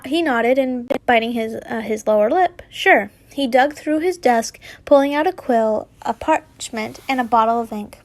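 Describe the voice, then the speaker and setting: A woman's voice: on the high side, a little mellow. A young woman reading fanfiction aloud casually, giggling, rambling into asides and stumbling over words. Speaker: fanfiction reader.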